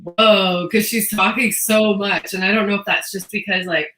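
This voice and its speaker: A woman's voice: medium pitch, fairly even intonation, normal speed, a bit bright, roomy sound, rough recording. A woman from Canada co-hosting a casual chat, telling stories in a chatty way that trails off. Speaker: co-host.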